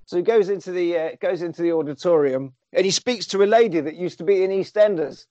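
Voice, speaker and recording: Male co-host, slightly higher voice, rambling comic recap, dry dull lo-fi sound. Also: fairly quick, hardly any pauses, warm tone, dry recording. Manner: swearing, rambling storyteller who acts out quotes. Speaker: podcast co-host. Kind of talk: casual comedic film recap.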